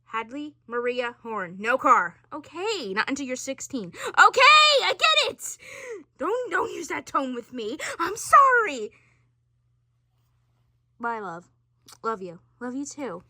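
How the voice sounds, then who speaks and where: Woman voicing every family member in a homemade role-play; slow, bright delivery, dry close sound. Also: a little high, big pitch swings, dry recording. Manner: switches between character voices. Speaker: storyteller voicing all characters.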